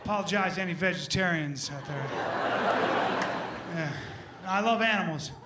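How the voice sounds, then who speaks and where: A man tells a comic story with a high-pitched voice and big animated swings. He jumps into shouted, higher character voices. A steady noise sits behind him. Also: normal speed, over a noisy crowd. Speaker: comedian. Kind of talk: stand-up style comic monologue.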